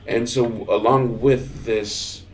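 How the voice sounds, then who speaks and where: A man's voice: mid-range voice, fairly even intonation, slight background noise. Chatty Texan-raised man telling stories. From Texas. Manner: halting, restarts often, laughs while telling stories. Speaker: podcast co-host. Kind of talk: casual chat.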